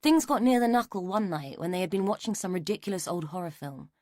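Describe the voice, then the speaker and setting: A woman narrating a mystery audiobook in a measured, even storytelling manner. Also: fairly low pitch, no room sound, clean studio sound. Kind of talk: scripted narration.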